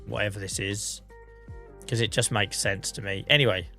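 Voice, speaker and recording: A man's voice: lowish voice, fairly even intonation, normal speed, bright, forceful tone, soft background music. An English man streaming a farming game, under the weather with a cough, chatting in a rambling, self-mocking way. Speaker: livestreamer. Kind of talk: casual gameplay commentary.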